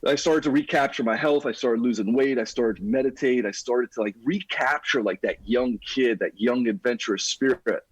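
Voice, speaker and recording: A middle-aged man, a podcast guest, telling his life story in an energetic, casual, buddy-like way. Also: medium pitch, moderate pace, hardly any pauses, husky, dry recording, poor audio. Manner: energetic, talks like a buddy, says "dude".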